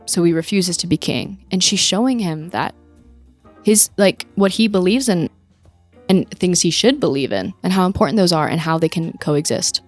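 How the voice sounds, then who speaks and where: A woman's voice: on the low side, moderate pace, no room sound, soft background music. A young woman co-hosting a podcast, chatting casually about a movie and retelling scenes with acted-out quotes. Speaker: podcast co-host. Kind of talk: casual movie-review chat.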